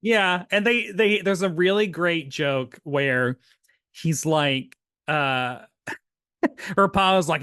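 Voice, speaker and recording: A Tennessee man co-hosts a podcast, casually recapping an old sitcom episode and performing its lines. His voice is slightly high and slow with a clean tone, recorded in a clean studio with no room sound. He's animated, laughs a lot, and acts out the quotes.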